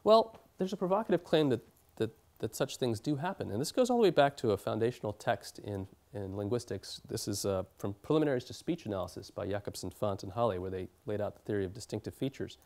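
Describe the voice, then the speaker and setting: A man's voice: fairly low pitch, animated, fast talker, darkish tone. Man giving an academic lecture. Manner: explanatory, with fillers and restarts. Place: lecture hall.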